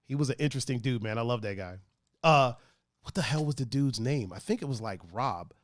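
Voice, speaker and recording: A young man hosts a laid-back podcast and tells stories in a lively voice that swings high and low. He acts out the people in his stories and reads viewer comments aloud. The recording is close and dry. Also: fairly quick, no echo. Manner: animated storyteller who acts out quoted voices with big pitch jumps. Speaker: podcast host. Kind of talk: casual chat with co-hosts, reading viewer comments.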